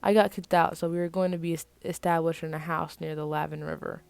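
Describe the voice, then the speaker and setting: Woman reading excitable young man, loud, emphatic, gravelly, dry. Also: sits low, fast, dry recording. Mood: excited.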